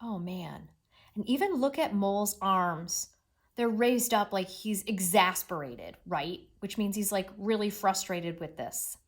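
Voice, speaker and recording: A woman's voice: mid-range voice, animated, measured pace. A woman teacher giving a read-aloud reading lesson, talking expressively to children.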